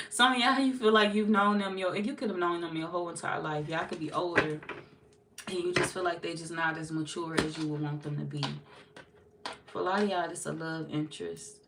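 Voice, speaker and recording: A woman's voice: on the low side, very noisy. A woman giving a casual, chatty tarot reading to her viewers, laughing often and slipping into playful quoted voices. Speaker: tarot reader.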